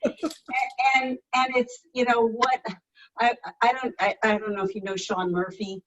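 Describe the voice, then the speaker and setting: A woman's voice: a little high, flat delivery, normal speed. A woman chatting enthusiastically on a group video call, often restarting her sentences. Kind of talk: casual chat. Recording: distant, dull video-call audio.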